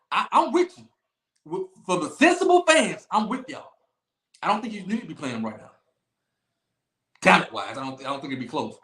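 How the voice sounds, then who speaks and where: Man, sports podcast host, high lively voice, emphatic rant, echoey room. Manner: loud, emphatic trash-talk with repeated phrases and laughs. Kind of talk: animated sports talk livestream.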